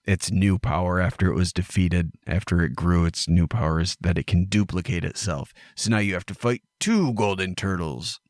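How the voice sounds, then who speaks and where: A man's voice: sits low, moderate pace, hardly any pauses, dry recording, studio quality. A man co-hosting a podcast in casual chat, riffing playfully and laughing a lot. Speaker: podcast co-host.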